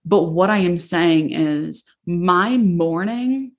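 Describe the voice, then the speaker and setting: Candid young woman podcast host, low voice. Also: expressive, takes it slowly. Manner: candid, emotional, says "like" often. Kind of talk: personal storytelling on a podcast.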